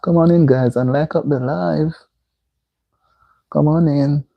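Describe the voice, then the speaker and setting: A man's voice: a little high, steady tone, measured pace, creaky, no room sound, dull audio. A man hosting a casual live stream, reading viewer comments aloud and repeatedly asking people to like the stream. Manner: reads viewer comments aloud and keeps urging likes.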